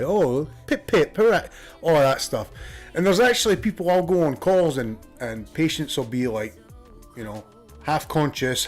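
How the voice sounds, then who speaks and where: Scottish guy streaming a game, chatty and sweary, a bit sniffly, faint music behind. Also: mid-range voice. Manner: chatty, swears freely, laughs often. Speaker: gaming streamer. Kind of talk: casual live-stream chat and gameplay commentary.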